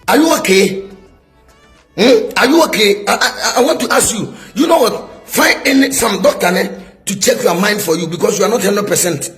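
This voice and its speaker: A man's voice: sits high, fairly bright tone. A middle-aged man with a Ghanaian English accent, a prophet scolding a rival in a heated video response, full of rhetorical questions.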